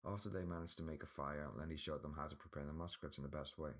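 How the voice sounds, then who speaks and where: A man narrating a fantasy audiobook in an even, plain reading style. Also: rumbling low, fast. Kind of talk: scripted storybook narration.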